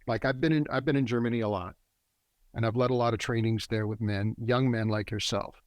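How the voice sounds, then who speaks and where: A middle-aged man speaks in an even mid-range voice, recorded dry and close. He talks like a seasoned facilitator, earnest and instructive. His pace runs fast through ideas and then slows to stress them. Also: mid-range voice, dry recording. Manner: earnest, teaching tone that speeds up and slows down. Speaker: guest, men's work facilitator. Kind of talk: reflective interview talk. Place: a warm, quiet spot with a generator running nearby.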